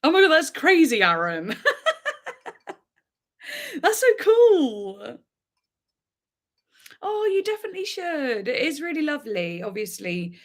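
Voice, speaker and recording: A woman's voice: high voice, very animated, measured pace, pauses often. A young woman from Devon with an English accent, hosting a casual livestream chat in a bubbly, rambling way, full of "like"s and giggles. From Devon, England. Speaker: livestream host.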